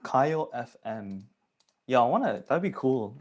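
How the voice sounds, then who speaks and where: A young man talks loosely to his livestream chat at an everyday middle pitch. He is slangy and chatty, reading comments aloud straight into his phone. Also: very animated, a little slow. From Toronto area, Canada. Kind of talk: casual livestream chat with viewers.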